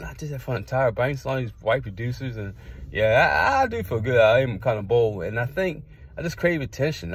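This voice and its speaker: A man's voice: medium pitch, breathy edge. A middle-aged man casually telling rambling personal stories, jumping from one anecdote to the next. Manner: rambling, digressive, jumps between anecdotes. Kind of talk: casual storytelling.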